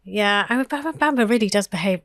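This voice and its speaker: A woman's voice: medium pitch, lively intonation, fast, a bit bright, no room sound. A woman co-hosting a history podcast, talking in an earnest, thoughtful way with frequent fillers and restarts. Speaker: podcast co-host.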